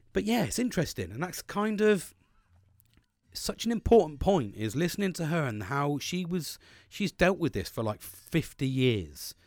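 A young Englishman talks straight into a close mic in a dead, dry space, with no room sound around him. His voice sits at an ordinary middle pitch. He is casual and blunt, and he swears freely as he speaks. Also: no echo. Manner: sweary, frank, conversational. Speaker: podcast host. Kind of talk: casual solo podcast monologue.

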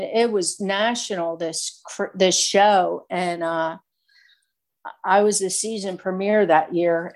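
A middle-aged woman giving a candid, rambling personal testimony full of fillers. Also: mid-range voice. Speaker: speaker sharing recovery story.

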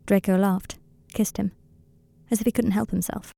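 A woman narrating a fan story as an audiobook, in a calm, steady way. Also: mid-range voice, normal speed, creaky, no echo.

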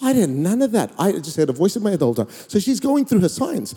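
A man preaching to his congregation, spinning a funny personal story with lively swings of energy and loud, excited bursts. His voice is fairly high for a man yet mellow and dark in tone. The sound rings out in a large church hall with a long reverb tail. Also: quick pace, husky. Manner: animated, comic storytelling with sudden loud peaks. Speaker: pastor. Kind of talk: storytelling sermon.

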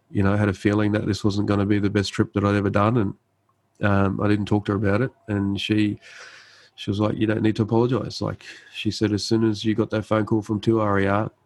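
A man's voice: on the low side, darkish tone, rough recording. A man in his thirties, a guest and army medic, telling his story casually with lots of fillers and restarts, acting out the dialogue. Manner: laid-back, frequent fillers and restarts, acts out quoted dialogue. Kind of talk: conversational storytelling.

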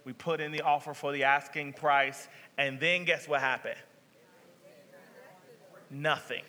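Bright-voiced man preaching in a reverberant hall. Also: fairly high pitch, steady tone, measured pace. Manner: conversational preaching, many restarts. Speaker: pastor. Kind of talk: sermon storytelling. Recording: reverberant sanctuary sound.

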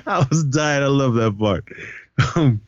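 A man's voice: medium pitch, no room sound, highs cut off. A man co-hosting a podcast, recapping a film in casual chat and acting out lines in a raised voice. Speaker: podcast co-host.

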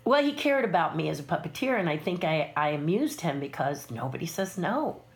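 An older woman recounts her career as a puppeteer in a relaxed interview, her voice sitting a little low. She tells each story with animated flair and slips into voices when quoting people. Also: fairly quick. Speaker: guest puppeteer and sculptor.

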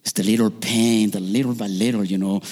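A man doing a stand-up comedy story, animated and swinging into loud, high quoted voices of himself and strangers. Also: a little fast, long reverb tail.

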